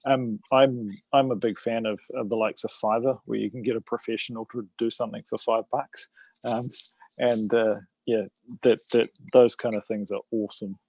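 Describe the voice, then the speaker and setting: A man's voice: medium pitch, steady tone, normal speed, vocal fry, darkish tone, no echo, rough recording. A man hosting a casual livestream chat, hesitant and full of ums and restarts. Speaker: host.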